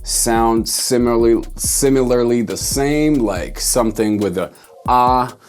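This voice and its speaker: A man's voice: medium pitch, unhurried, a little mellow, soft background music. A man teaching songwriting in a loose, rambling way, correcting himself and thinking aloud as he goes. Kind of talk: loose explanatory lesson.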